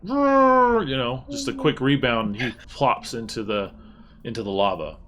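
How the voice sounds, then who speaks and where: A man's voice: lowish voice, moderate pace, a crowd in the background. A man narrating as game master, describing scenes loosely and explaining the rules as he goes.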